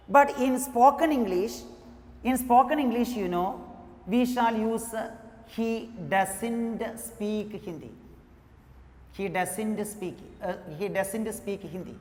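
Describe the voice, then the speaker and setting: Slow, repetitive woman teaching grammar. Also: fairly high pitch. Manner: slow, repetitive, says "you know" often. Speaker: English teacher. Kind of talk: grammar lesson. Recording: echoey room with long reverb.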